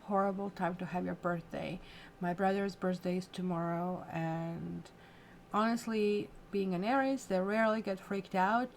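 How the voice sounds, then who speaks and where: A woman's voice: lowish voice, darkish tone, slight background noise. A woman hosting a casual livestream tarot reading. She talks in a chatty, rambling way, speaks straight to her viewers and reacts to their comments. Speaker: tarot reader.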